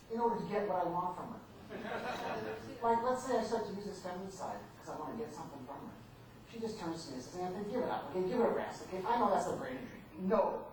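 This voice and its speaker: A man tells stories at a conference lectern, lively and humorous, slipping into the voices of people he quotes. He sounds distant from the microphone in a very echoey hall, with a faint hum of room ambience beneath him. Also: fairly high pitch. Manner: animated storytelling, acts out quoted voices. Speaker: conference speaker. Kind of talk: public presentation with humorous anecdotes. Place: large hall. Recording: echoey hall recording from far off.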